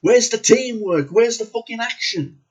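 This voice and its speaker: Ranting husky man. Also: very high-pitched, normal speed, muffled recording. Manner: swears constantly, repeats words for emphasis. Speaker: movie reviewer. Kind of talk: angry profane movie rant.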